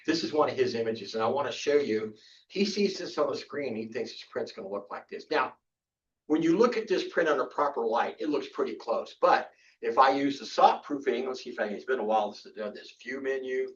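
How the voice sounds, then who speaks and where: An older man gives a casual photography workshop lecture in a club meeting room, chatty and rambling with lots of restarts and fillers. His medium-pitched, slightly bright voice moves fairly quickly. The recording is distant and dull, with a little hiss or hum.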